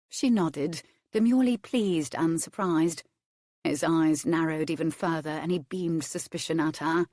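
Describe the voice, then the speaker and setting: A woman reading a romance novel aloud as its narrator, measured and expressive. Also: deep voice, no echo, studio quality. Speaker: audiobook narrator.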